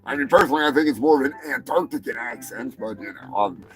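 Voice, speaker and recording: A man's voice: medium pitch, fast, fairly bright tone. A male show host delivering a crude, sarcastic comedic news rant, swearing freely and mocking the stories he reads. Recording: music playing underneath.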